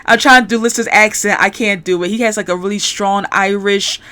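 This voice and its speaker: A YouTuber with a medium-pitched, bright, forceful voice chats casually, recapping a show's plot. She speaks briskly in a steady tone, rambling enthusiastically and restarting her sentences often.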